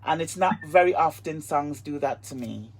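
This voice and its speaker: Lady hosting a live interview, husky voice, gushing and emotional, keeps repeating herself. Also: low voice, animated, moderate pace, darkish tone. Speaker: host.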